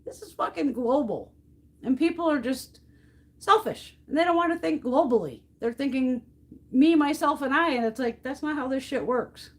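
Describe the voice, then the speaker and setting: High-pitched and talking at a normal speed, this middle-aged American woman hosts a beauty livestream, depotting makeup as she chats casually and goes on blunt, swear-filled rants.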